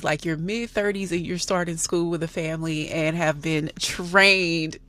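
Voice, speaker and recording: A woman in her forties from Texas talks straight to her viewers in a loose, candid vlog. Her voice sits a little low, and she keeps calling them y'all. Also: fairly even intonation, moderate pace, hardly any pauses, fairly bright tone. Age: 40s. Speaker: vlogger. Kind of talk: casual vlog chat.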